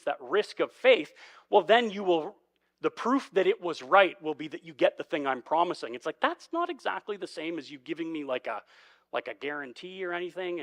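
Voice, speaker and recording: A pastor delivers his sermon in a loose, conversational way, slipping into the voices of the people he quotes. His voice sits a little higher than most men's. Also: fairly bright tone. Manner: conversational, acts out quoted dialogue. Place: church sanctuary.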